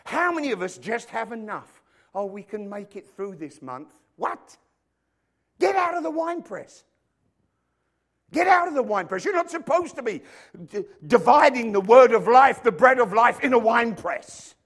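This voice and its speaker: A man with a very high-pitched voice preaching a sermon in a church hall. He builds to loud, emphatic declarations and then drops into quiet, joking asides. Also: lively intonation, moderate pace, slightly rough. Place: church hall with stage lights.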